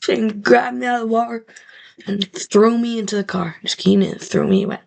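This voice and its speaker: Gravelly-voiced young woman rambling to camera. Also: on the high side, a little fast, a little mellow. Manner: rambling, profane, lots of fillers. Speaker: vlogger. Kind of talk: casual storytelling to camera.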